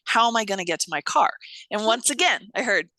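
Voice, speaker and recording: A woman telling a story in an animated way, swearing casually and acting out the voices of people she quotes. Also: mid-range voice, brisk, no room sound. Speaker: guest.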